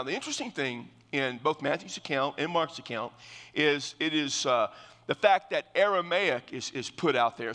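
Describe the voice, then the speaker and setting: A male pastor with a slightly high, sharp-toned voice preaches verse by verse, a long reverb tail trailing his words. He's earnest and explanatory, frequently restarting what he's saying.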